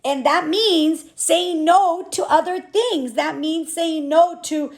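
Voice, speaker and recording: A high-pitched woman in her thirties speaks openly in a personal vlog. Her talk is candid and animated, circling back with restarts as she works through her thoughts. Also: takes it slowly. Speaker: business owner and mother.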